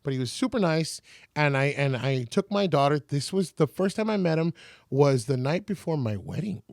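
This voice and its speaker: A man's voice: fairly high pitch, expressive, normal speed, gravelly, a little mellow, dry recording, studio quality. A man in his forties from San Antonio, a radio personality telling stories as a podcast guest and acting out other people's lines. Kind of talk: casual storytelling.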